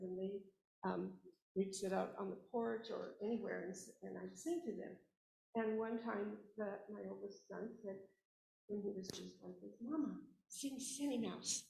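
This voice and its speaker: A woman's voice: mid-range voice, creaky, a bit bright. An older woman sharing family stories into a microphone at a worship service, often laughing as she tells them. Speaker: congregation member sharing stories. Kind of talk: personal storytelling at a worship service. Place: congregation's worship space.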